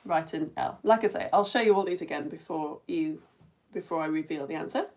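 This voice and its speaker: Her voice sits low and has a darkish tone, and she talks briskly. The middle-aged woman is teaching an all-ages lesson online, hosting a live-streamed quiz with a playful manner, frequent giggles and direct address to viewers.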